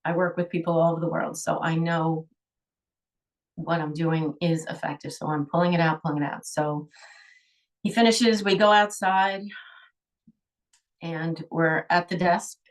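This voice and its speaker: A woman's voice: low voice, fairly even intonation, a little slow, long pauses, far from the mic. A middle-aged woman, a holistic healer, telling a personal story in an emotional, rambling way, with sighs.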